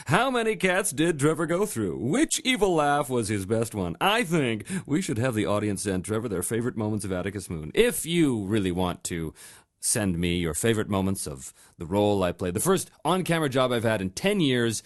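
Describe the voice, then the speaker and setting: A man's voice: fairly low pitch, sing-song, moderate pace. A man hosting a voice acting podcast, chatting casually and reading out listener mail with laughs. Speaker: podcast host.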